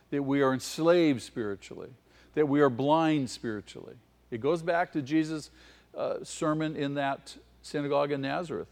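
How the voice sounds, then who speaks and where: A man preaching a sermon with passion, his voice swelling to near-shouts at its peaks. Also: medium pitch. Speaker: pastor. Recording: long hall reverb.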